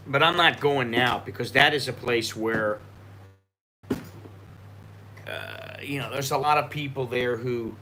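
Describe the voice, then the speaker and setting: American guy on a live stream, sipping tequila, swears a lot, rambles, bright forceful voice. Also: medium pitch, a little hiss or hum. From United States. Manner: profane, rambling, frequent restarts. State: drinking tequila.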